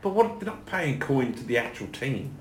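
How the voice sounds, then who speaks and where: A man's voice: mid-range voice, big pitch swings, normal speed. An Australian man chatting on a podcast, ranting and swearing with scorn. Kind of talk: casual chat. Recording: roomy echo.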